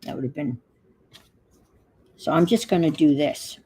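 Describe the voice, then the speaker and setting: A woman's voice: sits low, measured pace, dark tone, husky, low-quality recording. An older woman hosting a crafting livestream, chatting casually and muttering to herself as she works. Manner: talks to herself while working, muttering asides.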